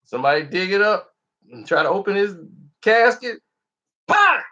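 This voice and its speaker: Animated, laughing man vlogger. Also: high-pitched, fairly quick. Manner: animated, laughs often, acts out the people he talks about. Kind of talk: comedic reaction commentary. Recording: dull lo-fi recording.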